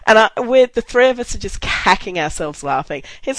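Casting: woman, casual storyteller, animated and laughing, dry close sound. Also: medium pitch, a little fast, hardly any pauses, dry recording, rough recording. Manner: animated, laughing, acts out quotes. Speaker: fan recounting a convention meet.

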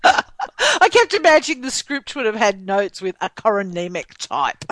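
A woman's voice: mid-range voice, a little slow, no echo. Chatty woman, dry close sound. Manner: rambling, laughs often, animated asides. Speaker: podcast co-host. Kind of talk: casual chat about a TV show.

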